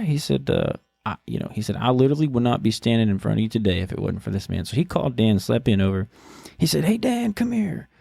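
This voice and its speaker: A low-pitched man in his thirties tells a story on his podcast in a relaxed, halting way, full of restarts and fillers. His voice has a gravelly edge, and the recording is dry and close. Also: no echo. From Texas. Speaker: podcast host. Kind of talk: casual storytelling monologue.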